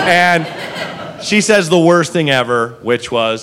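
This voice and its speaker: A man doing stand-up comedy on a club stage, telling a profane story and acting out the characters in quick voices. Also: medium pitch, expressive, noisy background. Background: audience laughter.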